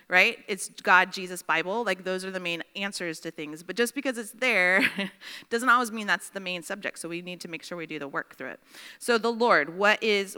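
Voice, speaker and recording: A woman's voice: on the low side, pushed and bright, smooth, long reverb tail. A woman teaching a Bible study class in a chatty way, often checking in with her students.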